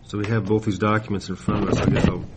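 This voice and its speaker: A man chairing a county board meeting, brisk and procedural with a dry sense of humor. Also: on the low side, level tone, heavy background noise. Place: public meeting room.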